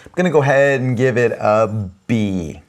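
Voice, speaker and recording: A man with a mid-range voice co-hosts a laid-back podcast. His answers about the movie come out offhand and a little hesitant, as in a relaxed chat between friends. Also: medium pitch, normal speed. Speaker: podcast co-host. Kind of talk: casual movie review chat.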